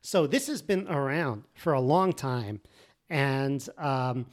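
A man's voice: medium pitch, expressive, slow pace. A man in casual conversation as a podcast co-host, often restarting and searching for words.

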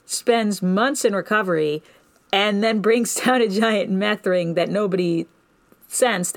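A woman co-hosting a podcast, chatting casually and laughing easily as she recaps a TV episode with some swearing. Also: mid-range voice. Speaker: podcast co-host.

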